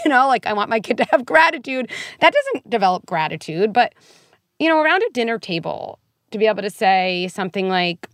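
A woman's voice: mid-range voice, fairly quick, no room sound, clean studio sound. A woman psychologist, talking candidly and acting out what parents and kids might say. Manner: animated, candid, acts out quoted parents and kids. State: briefly tearful. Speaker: clinical psychologist, guest. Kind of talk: podcast conversation.

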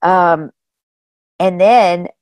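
A woman guest telling personal stories in a casual, animated way, often saying "you know" and "like". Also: lowish voice, drawn-out words, dry recording. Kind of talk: casual storytelling.

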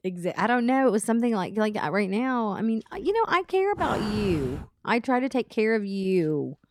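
A middle-aged woman co-hosting a podcast in a studio, chatting casually and telling animated stories. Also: mid-range voice, brisk, noisy background. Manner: chatty storyteller, animated retelling with quoted voices. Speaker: podcast co-host. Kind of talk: casual chat.

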